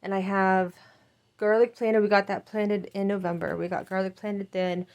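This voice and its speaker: A woman's voice: medium pitch, flat delivery, normal speed, darkish tone. A woman in her thirties chatting casually in a home gardening vlog, rambling with frequent ums. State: out of breath. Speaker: gardening vlogger.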